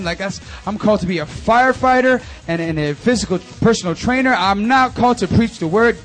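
A young man in his twenties giving an animated, chatty testimony and announcements to a youth group at a church service. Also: sits high, fast talker, faint music behind. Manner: animated and conversational, full of fillers. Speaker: youth ministry speaker.

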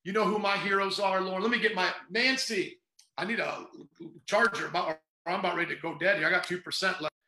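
A man's voice: sits high, brisk, bright, forceful tone, echoey room, low-quality recording. A middle-aged man, a pastor hosting a podcast, talks in a fervent, sarcastic, rambling way. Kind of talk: casual preaching podcast.

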